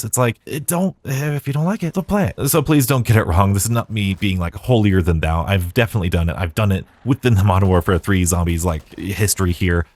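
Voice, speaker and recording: A young man hosting a casual solo podcast, talking in an animated, rambling way with frequent restarts. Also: fairly low pitch, fast talker, hardly any pauses, no room sound. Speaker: podcast host.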